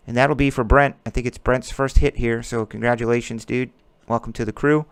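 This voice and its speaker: A man with a smooth, clear voice runs casual commentary as he opens packs of cards, calling out names and cracking jokes as he goes. The sound is close and dry, with almost no room around it. His pitch sits right in the middle for a man. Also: steady tone, fairly quick, few pauses, no echo. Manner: chatty and joking, calls out player names as cards come up. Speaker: host of a card-breaking stream. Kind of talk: casual running commentary while opening card packs.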